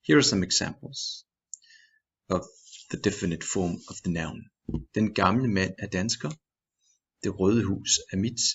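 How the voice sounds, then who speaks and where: A man teaching a language grammar lesson in a measured, scripted way, reading example sentences and their translations. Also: sits low, slightly rough, muffled recording. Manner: measured, reads example sentences in Danish then English.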